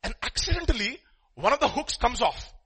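A man preaching a sermon, telling a story with sudden loud, emphatic bursts. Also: very high-pitched, very animated, fairly quick, breathy edge.

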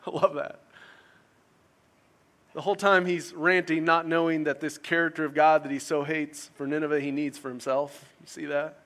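A man preaching a conversational sermon, asking his listeners questions and swinging from loud to quiet. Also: a little high, little pitch movement, normal speed. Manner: conversational, asks the audience questions, varies volume widely. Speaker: pastor.

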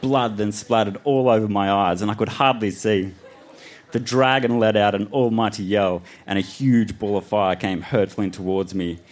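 Low-voiced man reading on stage. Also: fairly even intonation, normal speed. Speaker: reader on a live storytelling show. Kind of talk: reading his childhood story aloud. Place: live festival stage before an audience.

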